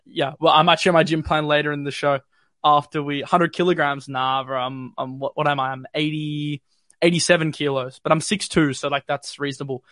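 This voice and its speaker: A young man with a light Australian accent chats casually on a livestream, his voice a touch higher than most men's. He talks loosely with plenty of fillers and answers comments as they come in, on a dry recording with no room sound. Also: fairly even intonation, fairly quick, a bit bright, no room sound. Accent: mild city Australian. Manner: chatty, filler-heavy, reads viewer comments. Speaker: crypto livestream host. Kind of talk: casual live-stream chat. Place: home bedroom.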